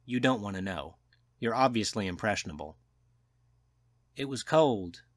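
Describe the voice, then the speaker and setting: A man's voice: fairly low pitch, animated, moderate pace, dry recording, clean studio sound. A man voicing a worldly, cynical male journalist who lectures in a knowing, slightly raised voice, in an audiobook reading. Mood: amused storytelling. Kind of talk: audiobook character voice.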